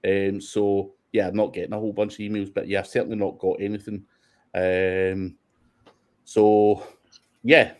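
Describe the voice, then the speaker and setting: A man's voice: on the low side, flat delivery, moderate pace. A Scottish man hosting a casual question-and-answer session, talking bluntly with plenty of swearing and short laughs. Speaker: host of SEO Q&A. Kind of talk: casual livestream Q&A.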